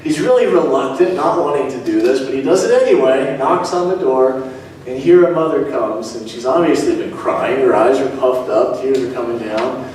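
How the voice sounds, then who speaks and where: A man's voice: moderate pace, a little mellow, slight background noise. A man preaching a sermon as a pastor, telling a story and changing his voice for the people in it. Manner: storytelling with shifting pitch for quoted characters. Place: church sanctuary. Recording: very echoey church from far off.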